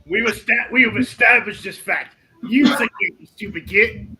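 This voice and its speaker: A man's voice: high voice, normal speed, bright, forceful tone, soft background music, rough recording. A man playing a tabletop game, bantering casually and brashly. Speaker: player.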